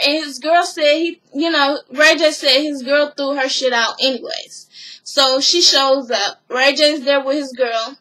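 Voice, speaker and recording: A woman's voice: high-pitched, pushed and bright, poor audio. A woman casually recapping a reality show episode, rambling along with plenty of "you know" and "or whatever".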